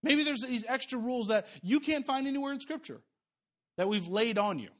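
Man, pastor, high voice, conversational sermon, self-correcting, asides to the congregation. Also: lively intonation, a little fast, fairly bright tone.

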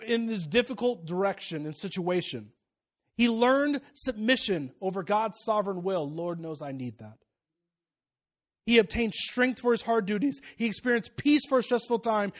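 In this sermon, a pastor recounts something from his own life, his high-sitting male voice rising into loud exhortation before dropping to hushed, confidential asides.

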